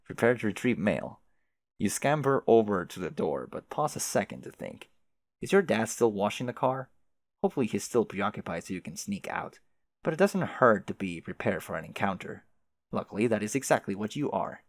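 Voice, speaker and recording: A man's voice: lowish voice, big pitch swings, moderate pace, dry recording. A man reading a webcomic aloud with casual, wry commentary and the odd swear word. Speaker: webcomic reader.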